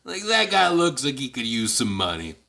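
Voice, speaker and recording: A man's voice: medium pitch, huge pitch swings, moderate pace, gravelly, sharp tone. A man co-hosting a casual podcast in a studio, making crude, self-deprecating jokes and laughing often. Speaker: podcast co-host. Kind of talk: casual chat.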